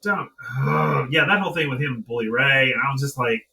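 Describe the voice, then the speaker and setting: A man's voice: medium pitch, fairly quick, gravelly, sharp tone, recorded from a distance, slight background noise, low-quality recording. A man co-hosting a wrestling review podcast, ranting heatedly in casual chat, swearing and mimicking people in mocking voices. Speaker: podcast co-host.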